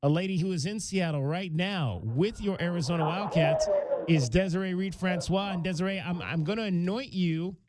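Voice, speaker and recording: Fairly high-voiced male sports radio host. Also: normal speed, heavy background noise. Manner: conversational, with frequent fillers and restarts.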